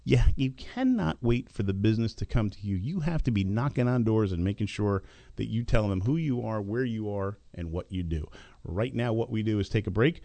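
A man's voice: fairly low pitch, lively intonation, a little fast, creaky, warm tone, no echo. A middle-aged man hosting a business talk radio show, giving an emphatic, lecturing monologue into a studio microphone.

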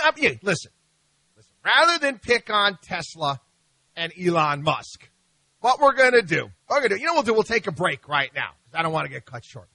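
A man hosting a financial talk radio show, telling stories in an animated, mocking way with frequent restarts. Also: sits high, no echo. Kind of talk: opinionated talk radio monologue.

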